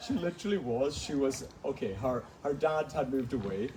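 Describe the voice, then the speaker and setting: A man's voice: medium pitch, animated, moderate pace, hardly any pauses, crowd noise. A man from the Scottish Hebrides with a Hebridean Scottish accent, a guest author telling chatty stories at a live book event, laughing often. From Outer Hebrides, Scotland. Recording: noisy live event recording.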